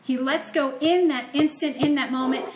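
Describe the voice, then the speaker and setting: A woman's voice: high-pitched, fairly even intonation, normal speed, echoey room, a crowd in the background. A woman from Ohio giving a conversational, earnest sermon that mixes scripture reading with personal storytelling. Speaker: preacher.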